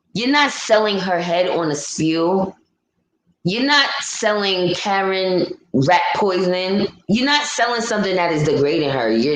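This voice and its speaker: A woman's voice: lowish voice, roomy sound, poor audio. A woman hosting a casual livestream, ranting bluntly and reading out chat comments. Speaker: livestream host. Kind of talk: casual live-stream commentary.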